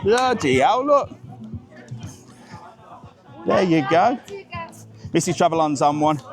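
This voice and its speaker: A man's voice: a little high, big pitch swings, slow, music in the background, crowd noise. A man hosting a live travel vlog as he walks outdoors in the rain, talking bluntly and swearing as he chats with his viewers. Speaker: travel vlogger host. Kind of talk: live-streamed walking vlog. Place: outdoors on a seaside promenade in rain.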